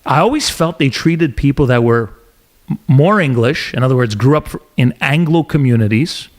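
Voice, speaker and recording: A middle-aged man from Montreal hosts a casual podcast chat, recounting a story with lively emphasis. His pitch sits in an everyday middle register. He leans into his points and speeds up when he gets going. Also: moderate pace. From Montreal, Canada. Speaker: podcast host.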